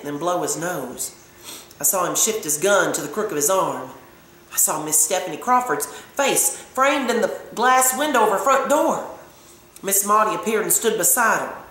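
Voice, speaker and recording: A woman reading a novel aloud with expressive storytelling. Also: lowish voice, slight background noise. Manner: expressive storytelling, hushing for tense moments. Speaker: audiobook reader. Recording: very echoey room.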